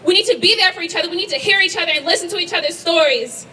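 Racing through an impassioned protest speech, a young student rally speaker bombards the outdoor campus crowd with rhetorical questions. Her extremely high voice is pushed and bright. It comes over the rally sound system, distant against crowd and background noise.

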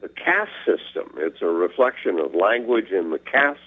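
A wry, teasing man calling in to a radio show with the word of the day. His voice is very deep and husky. It comes through a thin, tinny phone line. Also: very animated, moderate pace. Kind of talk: casual on-air phone chat.

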